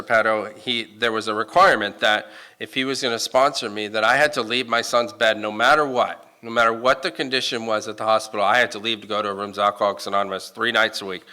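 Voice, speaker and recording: A middle-aged man telling his personal recovery story to a meeting room, halting and full of restarts, breaking into self-mocking laughs. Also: on the low side, sharp tone, smooth.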